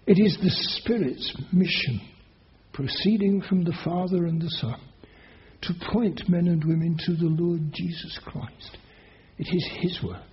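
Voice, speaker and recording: A man's voice: high-pitched, unhurried, muffled recording. A man preaching a sermon as pastor, earnest and emphatic, pressing his listeners with rising questions.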